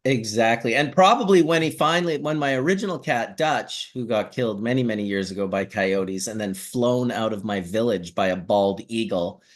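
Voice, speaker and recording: A man hosting a casual chat, telling animated stories and swearing casually. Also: on the low side, moderate pace, hardly any pauses. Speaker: host.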